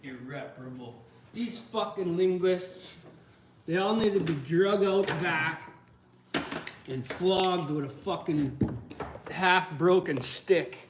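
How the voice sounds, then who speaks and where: High-voiced guy cussing up a storm on his shop stream, slow drawl, a little background hiss. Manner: profane, combative, ranting. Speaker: livestreaming woodworker. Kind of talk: casual livestream rant while working. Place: home workshop.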